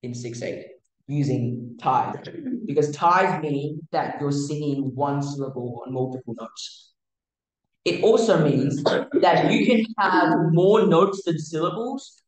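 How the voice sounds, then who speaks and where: Theory tutor rambling thru a casual lesson, lots of ums, middle pitch, super echoey room. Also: animated, slow. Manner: chatty explaining with many fillers and restarts.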